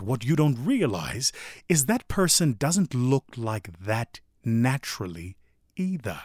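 A man's voice: mid-range voice, very animated, normal speed, darkish tone, no room sound, clean studio sound. A middle-aged man giving a motivational talk, telling stories with emphasis and rhetorical questions. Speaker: motivational speaker.

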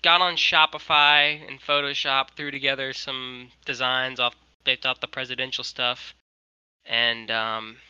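A young man tells a long story over a video call, animated and full of casual fillers. His voice is very bright and sharp, and it sounds close and dry. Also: mid-range voice, measured pace, clean tone, no echo, rough recording. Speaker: guest, merch maker.

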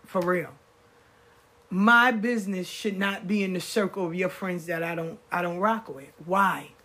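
A woman's voice: lowish voice, unhurried, sharp tone. A woman telling a story in a casual monologue, emphatic and repeating phrases as she quotes people she has talked to.

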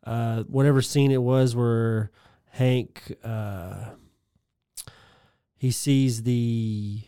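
A man's voice: mid-range voice, fairly even intonation, drawn-out words, warm tone, clean tone, no echo, studio quality. A man co-hosting a podcast, musing hesitantly in casual chat. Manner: hesitant, thinks aloud with fillers. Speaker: podcast co-host.

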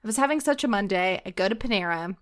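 A woman co-hosting a podcast, telling a story in an animated, laughing, breathless way. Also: medium pitch, quick pace, smooth. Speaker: podcast co-host. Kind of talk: casual chat, telling a story.

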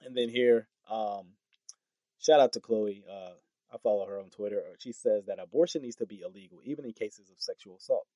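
A man's voice: lowish voice, a little fast, no room sound. A man giving casual political commentary, reading tweets aloud and reacting with incredulous, stumbling remarks and short laughs. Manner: animated, incredulous, stumbles over words with laughs.

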